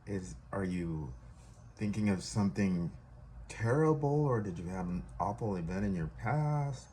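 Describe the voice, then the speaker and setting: A clinical male counselor speaks in a measured, routine manner, voiced by a male storyteller. He sounds pitched slightly above a low, deep speaking voice. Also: expressive, warm tone, a little hiss or hum.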